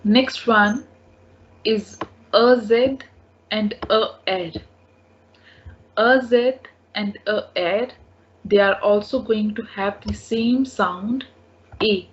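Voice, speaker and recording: Slow, patient woman teaching French. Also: mid-range voice, steady tone. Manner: patient, repeats each word several times. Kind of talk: slow language lesson. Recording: dull lo-fi recording.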